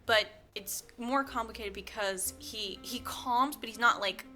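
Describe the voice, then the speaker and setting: A woman podcast co-host casually recapping a movie plot, animated and full of fillers, acting out the characters' lines as she goes. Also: fairly high pitch, measured pace, soft background music.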